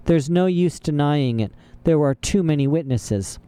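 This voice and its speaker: A man voicing a soft-hearted, tearful female judge in a storybook, speaking carefully and gently. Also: on the high side, expressive, measured pace, clean tone, voice pushed up. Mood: earnest.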